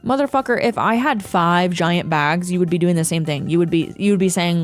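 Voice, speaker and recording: A young woman streamer chatting casually, ranting with profanity and reading chat aloud. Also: on the low side. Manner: animated, profane, quick ranting with laughs. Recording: faint music behind.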